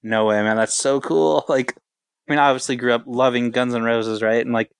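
Man in his 40s, musician guest, talks in a flat, level tone, smooth voice, dry close sound, loose and rambling. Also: medium pitch, brisk, no room sound. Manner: rambling, laid-back, full of filler words. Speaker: touring band guitarist. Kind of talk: casual interview storytelling.

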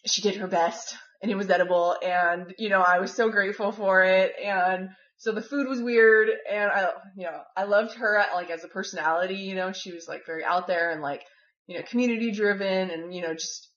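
A woman's voice: medium pitch, steady tone, fairly quick, a bit bright. A woman telling a personal story in a casual, rambling way, filling her speech with "like" and "you know". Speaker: former volunteer living with a host family. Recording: dull, echoey room recording.

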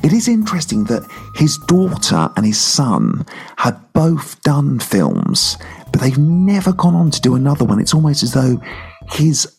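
A man reviewing films in a casual podcast chat, rambling and jokey, his voice going hoarse. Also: medium pitch, darkish tone. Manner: rambling and jokey, talking like a pirate cockney. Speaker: film reviewer.

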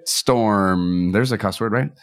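A man in his thirties, a podcast guest, candidly recounting personal experiences as an earnest, animated storyteller who acts out quoted voices. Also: lowish voice, unhurried.

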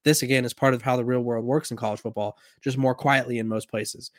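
A man's voice: mid-range voice, fairly even intonation, brisk, no room sound, clean studio sound. A man hosting a sports talk show, reading an article aloud and then commenting in a casual, rambling way with restarts, with a slight Southern accent.

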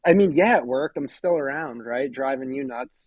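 A man co-hosting a podcast, telling a story in a casual, animated, self-deprecating way. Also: mid-range voice, moderate pace, no echo, dull audio. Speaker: podcast co-host.

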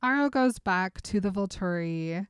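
A woman's voice: mid-range voice, lively intonation, measured pace, clear, resonant tone, no echo, clean studio sound. A woman co-hosting a casual chat, retelling a book's scenes and reading quotes aloud with frequent giggles. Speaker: podcast co-host recapping a book.

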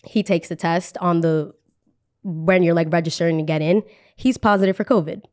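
A young woman hosting a podcast, telling a story in a casual, animated, chatty way. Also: on the low side, normal speed. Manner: animated, chatty, heavy use of "like". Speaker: podcast host.

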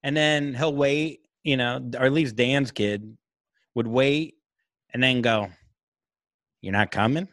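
A man's voice: medium pitch, takes it slowly, long pauses, a bit bright, no room sound, studio quality. A man hosting a podcast in casual chat, joking crudely and slipping into silly mock voices. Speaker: podcast host. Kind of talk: casual chat over a video call. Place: remote location on weak Wi-Fi.

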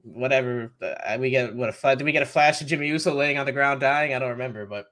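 A man's voice: medium pitch, fast, fairly bright tone. A man co-hosting a podcast in casual chat, teasing and stammering, repeating himself as he poses questions. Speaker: podcast co-host. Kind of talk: casual wrestling recap chat.

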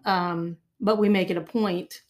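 A woman's voice: fairly low pitch, fairly even intonation, unhurried. An older woman guest talking in a chatty way, often repeating words as she thinks. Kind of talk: interview conversation.

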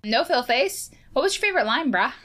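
A woman's voice: high-pitched, animated, brisk, a bit bright. A woman co-hosting a podcast in upbeat, teasing casual chat. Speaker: podcast co-host.

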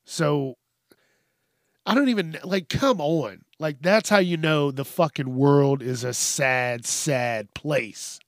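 A man rants through a comedic news podcast, swearing freely and breaking into laughter at himself. His voice sits a little high for a man. The recording is bone-dry and close. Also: slow pace, no room sound. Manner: profane, exasperated ranting with bursts of laughter. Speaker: podcast host.

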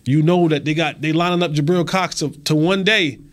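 A man co-hosting a sports talk show who talks in an animated way, stammering and repeating words. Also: on the high side, brisk.

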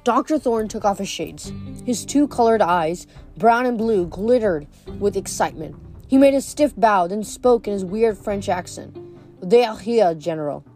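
Woman, reading a novel aloud, self-corrects stumbles, mellow tone, faint music underneath. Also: medium pitch, lively intonation, normal speed. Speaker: reader.

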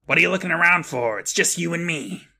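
A man's voice: fairly high pitch, lively intonation, quick pace, vocal fry, pushed and bright, voice pushed up, exaggerated voice. A man voicing a sarcastic male wizard stuck in a rabbit's body, reading his lines in a mocking, theatrical way.

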